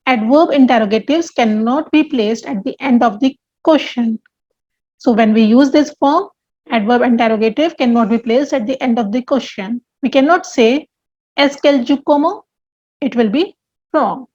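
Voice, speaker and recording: A woman with a high voice teaches a language lesson at an unhurried pace, carefully repeating each example so learners can follow. The recording sounds a little dull and lo-fi. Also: a little mellow. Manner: slow, deliberate, repeats example sentences. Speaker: French teacher. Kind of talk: explaining grammar to learners.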